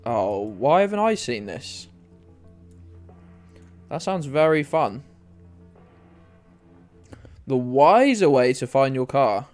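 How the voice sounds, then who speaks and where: A male streamer rambles through a geography game, talking straight to his chat and cursing casually. His voice sits at an ordinary middle pitch. Soft music plays faintly under him. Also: big pitch swings, slow, long pauses. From United Kingdom. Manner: chatty, rambling, swears freely, talks to chat.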